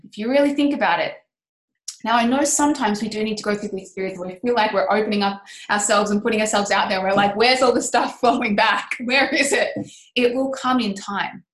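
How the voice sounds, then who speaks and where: A woman's voice: mid-range voice, roomy sound. A woman co-hosting a casual podcast, talking about business and mindset in an impassioned, emphatic and candid way, with the odd swear word.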